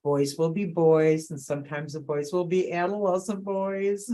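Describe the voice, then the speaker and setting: A woman's voice: fairly low pitch, flat delivery, a little slow, mellow. A middle-aged woman, a guest on a chat panel, telling candid rambling stories and laughing often. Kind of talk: casual storytelling chat.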